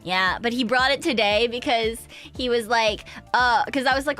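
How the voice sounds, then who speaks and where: A woman's voice: on the high side, animated, brisk, few pauses, fairly bright tone, soft background music. A young woman, streaming and telling a rambling story in casual chat, swearing freely. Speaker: VTuber streamer.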